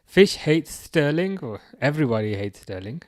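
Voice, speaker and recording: A man with a Birmingham accent from the UK hosts a football watchalong livestream, reading out viewer comments in a halting, casual way with many restarts. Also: on the high side, big pitch swings. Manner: halting, restarts often, chuckles, reads comments aloud. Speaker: livestream host reading chat.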